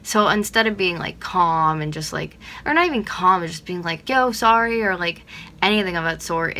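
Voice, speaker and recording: Low, gravelly young woman ranting. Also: sharp tone, a little hiss or hum. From Pennsylvania, USA. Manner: blunt, swears freely, heavy use of "like". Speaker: vlogger. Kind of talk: ranting vlog.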